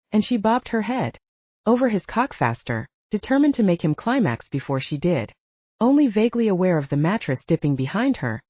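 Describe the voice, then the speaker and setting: A woman narrating a romance audiobook in an expressive, animated reading. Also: fairly low pitch, no echo, dull audio. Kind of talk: scripted narration.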